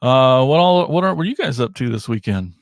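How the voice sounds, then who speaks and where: A man hosting a toy podcast livestream, chatting casually in a rambling, animated way and laughing often. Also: medium pitch, fairly quick, no echo, studio quality. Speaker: podcast host.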